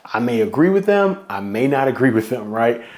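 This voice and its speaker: A man's voice: medium pitch, very animated, moderate pace. A man hosting a solo podcast, talking casually and with feeling, at times close to getting emotional. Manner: heartfelt, emotional, conversational. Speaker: podcast host.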